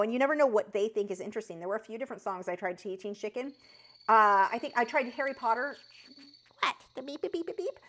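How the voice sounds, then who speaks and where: A woman with a high voice that she says sounds like a chipmunk, chatting loosely with her viewers on an art live stream, with lots of fillers and restarts. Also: a bit bright. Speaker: art teacher answering chat. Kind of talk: casual live-stream chat.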